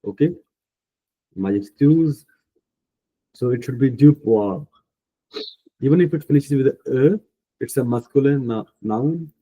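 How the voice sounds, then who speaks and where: A man with an Indian English accent teaching a French class online, speaking slowly and patiently, thinking aloud and correcting himself. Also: medium pitch, husky, narrow, tinny audio. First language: Punjabi. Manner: slow, patient, thinking aloud with many fillers; self-correcting mid-sentence.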